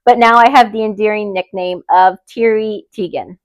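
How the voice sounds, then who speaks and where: A young woman hosting a podcast, reading listener stories aloud and chatting in an expressive, openly emotional way. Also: medium pitch, moderate pace. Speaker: podcast host.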